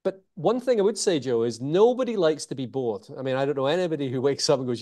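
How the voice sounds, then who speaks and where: A man, talking as an interview guest. He is lively and changes his pace often, slowing right down and pausing to land his key points. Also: medium pitch. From Scotland. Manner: animated, varies pace and pauses for emphasis. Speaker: communication author and trainer. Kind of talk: interview guest explaining techniques.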